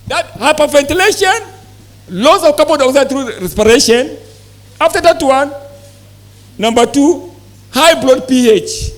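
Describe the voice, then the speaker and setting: A man's voice: extremely high pitch, a bit bright. A man gives a live presentation to poultry farmers, often asking the audience questions and repeating key points. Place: exhibition hall presentation.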